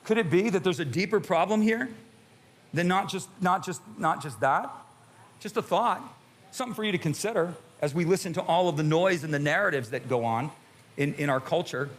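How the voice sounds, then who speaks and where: A man's voice: a little high, normal speed. A male pastor preaching a fiery, emphatic sermon, full of repetition and rhetorical questions.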